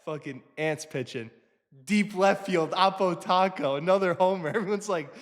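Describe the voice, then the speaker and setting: A man in his twenties with a New Jersey accent, co-hosting a casual chat, swearing constantly and mocking himself with animated energy. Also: high voice, normal speed, in a large hall. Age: 20s. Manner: profane, animated, self-mocking. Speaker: co-host.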